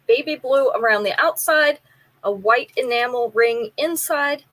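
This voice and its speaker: A woman's voice: a little high, measured pace, fairly bright tone, low-quality recording. A woman hosting a live jewelry sale, chatting casually, describing pieces in detail and running a trivia game with viewers.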